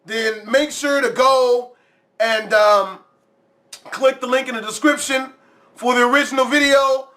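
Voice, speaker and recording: A man's voice: very high-pitched, fairly even intonation, measured pace, bright, forceful tone. A man hosting a reaction video, jumpy and profane, laughing as he talks. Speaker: YouTube reaction host. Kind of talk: casual reaction commentary.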